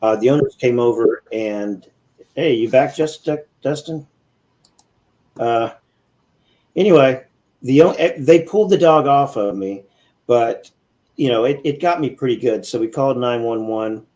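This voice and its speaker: A man hosts a podcast and tells his story in a loose, rambling way. His voice sits at an ordinary pitch, and his delivery stays casual and easygoing. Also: unhurried, long pauses, a little mellow, poor audio. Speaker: podcast host. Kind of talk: casual chat.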